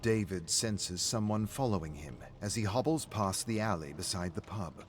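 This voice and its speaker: A man narrating a story in an even, measured reading style. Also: lowish voice, slight background noise.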